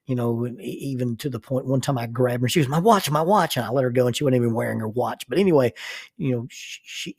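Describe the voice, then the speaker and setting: Male storyteller, husky, dry close sound, chuckles and restarts. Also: mid-range voice, no room sound. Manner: chuckles often, halting restarts, animated retelling. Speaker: counselor and minister telling life stories. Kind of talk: personal storytelling.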